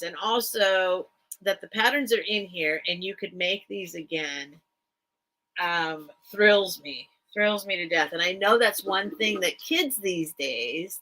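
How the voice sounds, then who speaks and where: A middle-aged woman chats her way through a home live-stream sale, rambling and filling gaps with ums. Her voice sits low but rings bright and forward. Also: rough recording. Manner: chatty, rambling, many filler ums. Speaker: online vintage seller. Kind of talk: casual live-stream sales chat.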